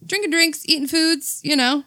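A woman's voice: sits high, normal speed, bright, forceful tone, no room sound. A woman co-hosting a casual chat podcast, telling a rambling anecdote and laughing often. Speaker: podcast co-host.

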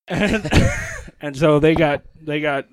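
A male guest musician on a casual podcast, telling a story in an animated way, swearing and acting out what people said. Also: a little high, slow, smooth, dry recording. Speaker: guest guitarist.

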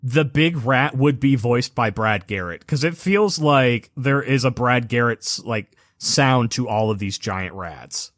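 A man co-hosting a casual podcast, riffing on a movie with animated tangents and frequent laughter. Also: medium pitch, unhurried, hardly any pauses, no echo, clean studio sound. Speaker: podcast co-host.

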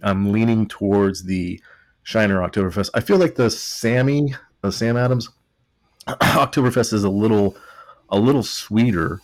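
Tipsy, laughing man with a low voice. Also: normal speed, no echo. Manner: laughs often, rambling storytelling. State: a little drunk. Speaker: podcast co-host, doctor. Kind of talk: casual chat.

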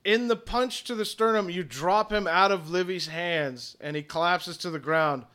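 A man's voice: sits high, normal speed, sharp tone, clear, resonant tone. A man narrating a tabletop role-playing game as game master.

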